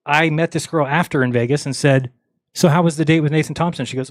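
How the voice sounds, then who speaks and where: A man's voice: fairly high pitch, fast, no echo. A man hosting a livestream, ranting bluntly and mockingly, acting out the lines of people he quotes. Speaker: livestream host. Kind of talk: casual livestream rant.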